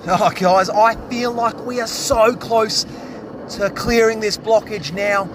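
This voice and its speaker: An Australian man vlogging a plumbing job, excitable and jokey, full of slang and hungover. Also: high-pitched, slow pace, background noise. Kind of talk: casual on-the-job vlog commentary.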